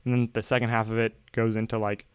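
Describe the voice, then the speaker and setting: A young music producer casually walks through how he made his song in a laid-back tutorial voice-over, saying "like" constantly. His voice is lowish, with little pitch movement and a quick pace, and his song plays underneath.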